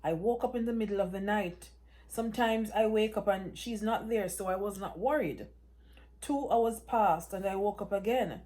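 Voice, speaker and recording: A woman's voice: medium pitch, dark tone, close to an everyday voice. A woman reading as a grieving man giving terrible news. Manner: halting, heavy with pain. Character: grieving man breaking bad news, sobbing.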